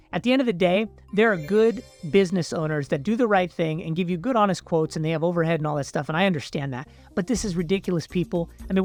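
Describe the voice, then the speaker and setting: Chatty man telling a consumer story. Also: sits high. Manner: chatty, animated retelling with fillers, addresses viewers as people. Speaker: video host. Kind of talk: casual storytelling to camera.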